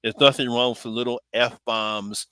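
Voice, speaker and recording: A man's voice: medium pitch, steady tone, moderate pace, bright, forceful tone, clean tone, no room sound. A man hosting a casual live stream chat about a horror film, rambling and laughing often.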